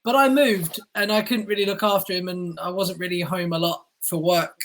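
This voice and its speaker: A woman's voice: fairly low pitch, fairly even intonation, normal speed, a little hiss or hum, rough recording. A woman playing in a tabletop game who talks casually and hesitantly and laughs often. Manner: giggly, hesitant. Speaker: player. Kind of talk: casual chat.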